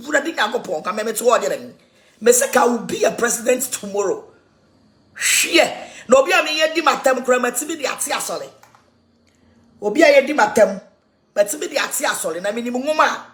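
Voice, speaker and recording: A Ghanaian woman rants with mocking energy, laughing between sentences and jumping between languages. Her voice sits fairly high and swings widely in pitch. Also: fairly bright tone. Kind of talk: animated mocking rant.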